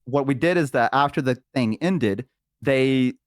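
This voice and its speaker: A man's voice: medium pitch, unhurried, dry recording, studio quality. A man in casual chat, retelling a story in a rambling way with lots of fillers.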